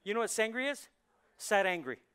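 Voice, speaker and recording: A man preaching a conversational sermon as pastor, swinging from soft asides to loud punchlines. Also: high-pitched, very animated, fairly quick, clear, resonant tone. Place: church sanctuary.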